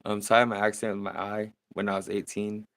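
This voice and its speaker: A man in his thirties with a low, gravelly voice talks casually to his live-stream audience while painting. He rambles in a relaxed way and laughs easily. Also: quick pace, a little hiss or hum. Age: 30s. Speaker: livestreaming painter.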